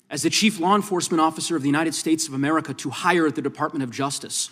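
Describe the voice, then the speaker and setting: A man's voice: a little high, very fast, hardly any pauses, a bit bright. A congressman firmly questioning a witness at a hearing, pressing and talking over her interruptions. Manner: firm, pressing, reclaims time, talks over interruptions. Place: large hearing room. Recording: reverberant hearing room.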